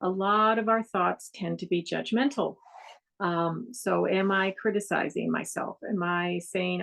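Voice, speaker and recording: Gentle woman with a gravelly edge. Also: fairly low pitch, steady tone, measured pace. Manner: gentle, reflective, with soft acted asides. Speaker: mindfulness teacher. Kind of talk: guided mindfulness talk.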